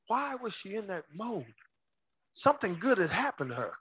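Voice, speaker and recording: A male pastor preaching a sermon with call-and-response, swinging between shouts and low asides. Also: big pitch swings, normal speed.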